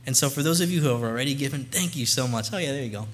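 A man's voice: mid-range voice, animated, very fast, fairly bright tone, slight background noise. A young man speaking as a missionary guest to a church congregation, earnest and conversational, into a microphone. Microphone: handheld or stand mic.

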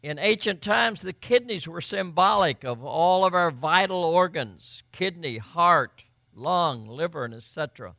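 Gravelly-voiced male pastor preaching. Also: fairly high pitch, animated, a little slow, sharp tone, dry recording. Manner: preaching and reading scripture aloud with emphasis. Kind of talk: sermon.

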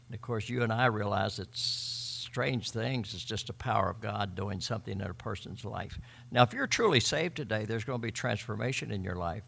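A man preaching a sermon, emphatic, swinging between loud and quiet and often repeating words. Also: on the low side, normal speed, gravelly. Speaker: pastor.

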